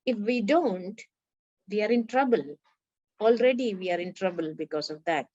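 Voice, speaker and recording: A woman reading a story aloud to a class of schoolchildren, animated and acting out the characters' lines, with an Indian English accent. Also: mid-range voice, moderate pace, no room sound, lo-fi sound.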